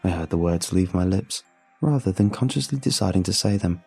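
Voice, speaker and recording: Deep, gravelly male horror narrator. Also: expressive, fairly quick, mellow, soft background music. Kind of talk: first-person horror story narration.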